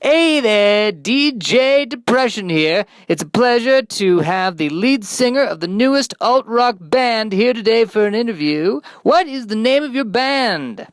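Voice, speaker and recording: A man doing a shrill, loud radio DJ voice, all announcer pep. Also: lively intonation, unhurried, few pauses, clean tone, dry recording. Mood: peppy. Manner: loud, peppy announcer delivery. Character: hyper upbeat male radio DJ. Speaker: radio interviewer.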